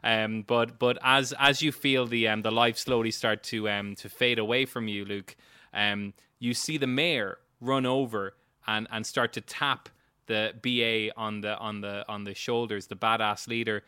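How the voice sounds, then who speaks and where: A man runs a tabletop game, narrating in a rambling way with many fillers and restarts. His voice is bright and clear, with a close, dry sound. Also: lowish voice, flat delivery, a little slow, few pauses, dry recording. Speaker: game master.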